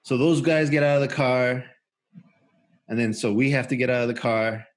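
A man's voice: medium pitch, moderate pace. A man co-hosting a podcast, telling a rambling, profane story with lots of fillers and restarts. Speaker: podcast co-host. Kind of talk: casual storytelling.

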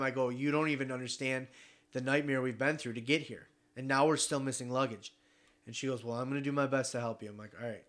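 A young man casually telling a travel story, animated, swearing and acting out the other people in it. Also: medium pitch, fast. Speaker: podcast regular telling a story.

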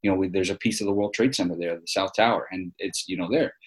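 A man's voice: low-pitched, fast. A man in his forties from New York, a guest telling stories in an interview, earnest and rambling with lots of fillers and restarts. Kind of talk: casual interview storytelling.

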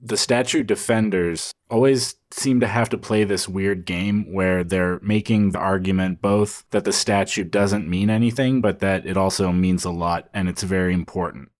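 A man with a very deep voice co-hosting a casual podcast. He talks in a relaxed, wry manner. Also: normal speed, hardly any pauses. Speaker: podcast co-host.

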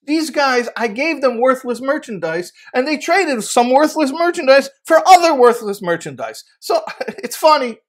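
A man's voice: a little high, sing-song, moderate pace, breathy edge. A man voicing a shrewd older merchant, a father-in-law, in a told parable, stammering and repeating his words. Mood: amused.

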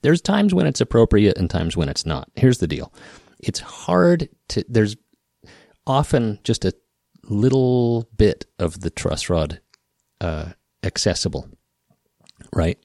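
A podcast host from the rural Western Midwest, by his American accent, talks casually in a fairly low, gravelly, slightly mellow voice that's sing-song and slow with long pauses. He's wry and rambling, often stopping and restarting. The clean studio sound has no echo.

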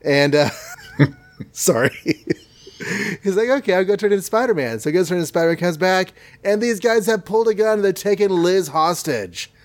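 A man's voice: high-pitched, normal speed. A man hosting a podcast, casually recapping a cartoon episode with jokes and self-corrections. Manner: rambling, self-correcting, jokey. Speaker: podcast host.

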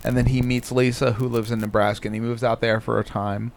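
A man hosts a podcast in loose, casual talk. He swears nonstop and lays on the sarcasm. His voice sits at an everyday middle pitch. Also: flat delivery, a little fast, gravelly. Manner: crude, swears constantly, sarcastic. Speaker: podcast host. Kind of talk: casual profane commentary.

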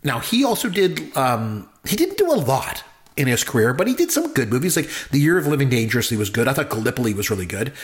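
Man, casual film chat, enthusiastic, rambling, filler-heavy, mid pitch. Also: big pitch swings, fast. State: married. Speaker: podcast co-host. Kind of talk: casual movie discussion.

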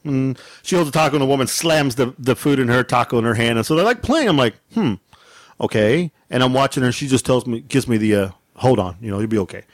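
A man co-hosting a casual chat show, telling a story in an animated way, swearing freely and acting out his own angry outbursts. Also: medium pitch, fast talker, dry recording. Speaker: podcast co-host telling a story.

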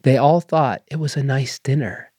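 A man voicing a gentle, bewildered elderly spinster sister in a read story. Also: medium pitch, normal speed, breathy edge, dry recording, clean studio sound, natural voice.

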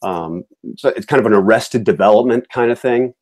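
The podcast host here has a lowish voice with a darkish tone and a slightly fast pace. He chats casually and opinionatedly, frequently restarting and filling pauses.

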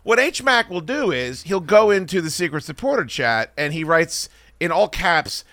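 A man hosting a podcast tells stories in a loose, casual way. He curses freely and mocks the people he talks about. His bright, higher voice rises and falls a lot as he gets worked up. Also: sing-song, moderate pace, hardly any pauses, dry recording. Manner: profane, ranting, mocking storyteller. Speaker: podcast host. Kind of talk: casual chat.

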